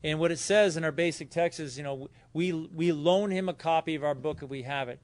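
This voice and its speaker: A man's voice: on the high side, fairly quick. A man speaking at a recovery convention, telling personal stories casually with fillers and quoted dialogue. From Southern California. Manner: casual, storytelling with acted quotes and frequent fillers. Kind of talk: personal story talk at a convention. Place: hotel conference room.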